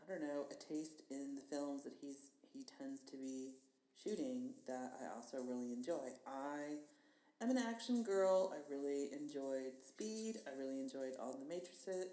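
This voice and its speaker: A woman's voice: rumbling low, lively intonation, moderate pace, dark tone. A woman guest in casual chat, enthusiastic and chatty, thinking aloud with fillers. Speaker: podcast guest. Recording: echoey room with faint hiss.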